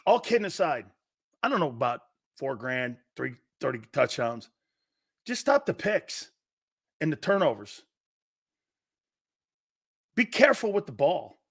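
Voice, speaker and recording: Give me a giggly man hosting a live sports talk show, with a high voice and an unhurried pace. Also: sing-song, vocal fry, fairly bright tone. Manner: giggly, joking, keeps breaking into laughter; reads and answers viewer comments by name.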